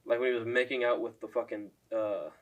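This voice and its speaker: A man's voice: medium pitch, fairly even intonation, fairly quick, phone-quality sound. A young man casually ranting on his MMA channel, swearing often and filling with "like" as he ranks fighters. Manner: profane, lots of "like" fillers, mocking impressions. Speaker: MMA commentary YouTuber. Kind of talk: casual ranking rant.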